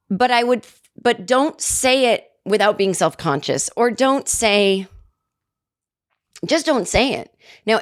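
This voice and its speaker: A middle-aged woman hosting a solo comedy podcast, ranting and telling stories with sarcastic, animated asides. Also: medium pitch, dry recording, studio quality. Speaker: podcast host.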